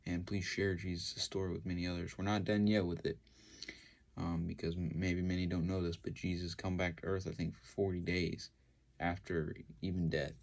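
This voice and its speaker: A man casually retelling a Bible story with his own commentary, halting and heartfelt, full of "you know" and "uh". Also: deep voice, flat delivery. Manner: heartfelt, devotional.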